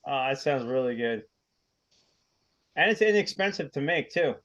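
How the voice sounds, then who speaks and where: A man co-hosting a casual podcast, enthusiastic and quick to laugh. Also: mid-range voice, expressive, fairly bright tone. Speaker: podcast co-host. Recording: dull lo-fi sound.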